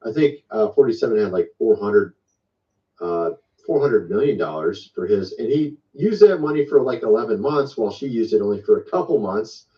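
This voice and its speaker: A man's voice: fairly low pitch, moderate pace. A man from Michigan hosting a casual online commentary, rambling in a conspiratorial tone. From Michigan, USA. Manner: conspiratorial, rambling, lively delivery. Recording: distant, muffled lo-fi sound.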